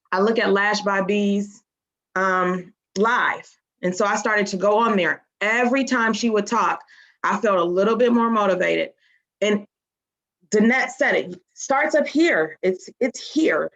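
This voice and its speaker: A woman's voice: medium pitch, slow, a bit bright. Earnest woman, dull lo-fi sound. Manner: earnest, emotional. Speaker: team member. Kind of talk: personal testimony on a group call.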